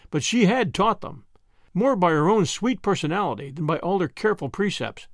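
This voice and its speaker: A man narrating a classic novel as an audiobook in a gentle, expressive storytelling manner. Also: high voice, dry recording, studio quality. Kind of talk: scripted narration.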